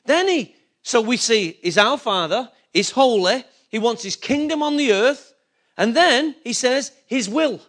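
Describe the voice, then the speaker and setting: Preaching a sermon to his congregation, a pastor speaks in a voice strikingly high for a man. He poses question after question to his listeners and presses hard on his main points, at times nearly shouting.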